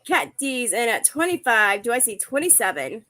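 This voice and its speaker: A woman hosting a live online auction, briskly announcing lots and bids. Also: on the high side, sing-song, pushed and bright. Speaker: auction host.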